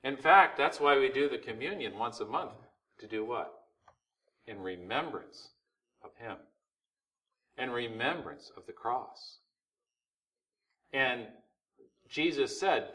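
A man preaching a sermon as pastor, swinging between loud emphasis and hushed, urgent rhetorical questions. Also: medium pitch, animated, slow pace, long pauses, distant mic, rough recording. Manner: preaching with rising and falling intensity, rhetorical questions.

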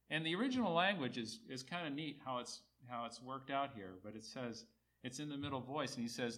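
A man preaching a sermon, repeating key phrases for emphasis, rising on quoted words and dropping low on asides. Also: expressive, normal speed. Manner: rises high and loud on quoted speech, drops low on asides.

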